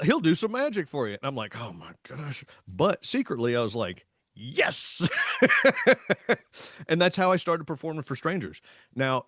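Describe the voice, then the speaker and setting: A man, co-hosting a podcast and telling stories in a lively, casual way, acting out the voices in his stories. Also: medium pitch, dry recording, clean studio sound. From Tennessee, US. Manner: animated storytelling with voiced quotes. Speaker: podcast co-host. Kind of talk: casual chat.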